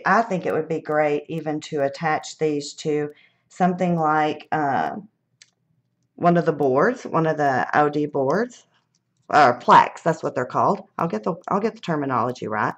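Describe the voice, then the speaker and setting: A woman's voice: sits low, normal speed, highs cut off. A middle-aged woman, chatting casually through a live craft demonstration, thinking aloud and laughing at her own mishaps.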